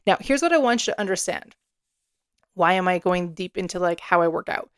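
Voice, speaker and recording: A woman in her thirties hosting a casual solo podcast, chatty and animated, swearing casually as she talks. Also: fairly low pitch, a little fast, clean tone, no room sound, studio quality. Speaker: podcast host.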